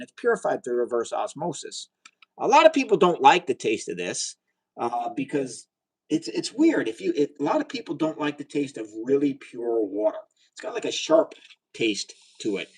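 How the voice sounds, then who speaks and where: A man hosting a casual livestream of chemistry experiments. He chats with viewers and cheers loudly when a result goes his way. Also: on the high side, slightly rough, low-quality recording. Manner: chatty and excitable, talks to viewers, cheers at results. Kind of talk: casual live science demo.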